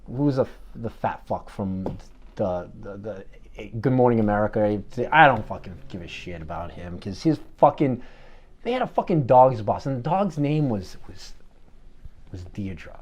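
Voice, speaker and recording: A comedy performer telling a profane, excitable story in a mock band interview. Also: mid-range voice, moderate pace. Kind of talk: improv mockumentary band interview.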